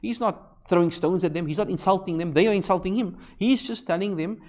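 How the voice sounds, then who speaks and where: A man's voice: high voice, a little fast, darkish tone. A man giving a Ramadan lecture in a mosque, earnest, reciting Arabic verses and explaining them.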